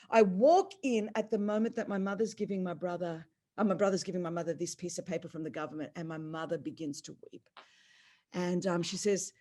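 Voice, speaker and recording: Australian woman, middle-aged, storytelling, animated, lively swings in pitch. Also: fairly quick. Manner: animated, acts out family dialogue with big pitch jumps. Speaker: speaker on a faith call. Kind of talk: personal storytelling.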